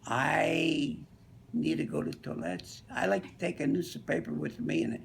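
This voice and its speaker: A man's voice: on the high side, measured pace, creaky, a little hiss or hum. An older man putting on an old immigrant man, blunt and swearing in broken English. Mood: earnest.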